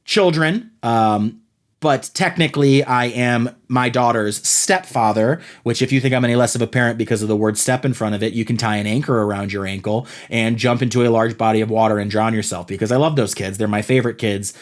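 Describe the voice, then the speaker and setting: A man's voice: medium pitch, steady tone, fairly quick. A man hosting a podcast, telling a rambling, self-deprecating comic story about his own childhood. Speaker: podcast host. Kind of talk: comedic monologue.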